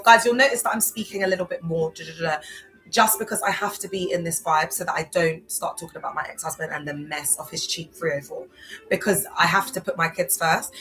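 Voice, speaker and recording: A woman's voice: lowish voice, a bit bright, low-quality recording. A woman in her thirties, unwell, chatting loosely on a live stream about faith, with many fillers. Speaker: livestream host.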